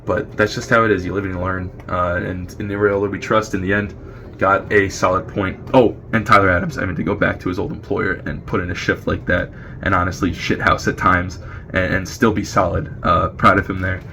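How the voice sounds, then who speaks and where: A man from New Jersey with an American accent, giving a brisk, opinionated fan review recorded on video. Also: deep voice, flat delivery, vocal fry, bright, forceful tone, a little hiss or hum. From New Jersey, USA. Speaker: fan contributor.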